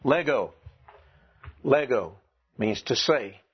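Slow, husky male teacher lecturing. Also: mid-range voice, animated. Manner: slow, questioning students, clears throat. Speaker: Greek teacher. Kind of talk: classroom lecture. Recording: dull lo-fi classroom recording.

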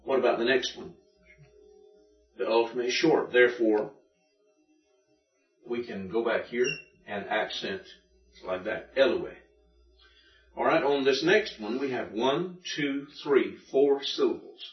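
In a classroom Greek lesson, a male teacher patiently walks students through accent rules step by step. His mid-range voice is a little slow, with long pauses. He's far from the mic, and the recording is dull and echoey.

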